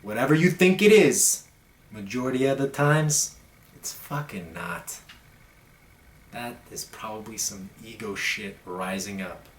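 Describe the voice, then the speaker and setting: A man's voice: fairly low pitch, a little slow, a little hiss or hum. A young man talking blunt, profane and emphatic in a casual monologue as a podcast host. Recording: echoey room.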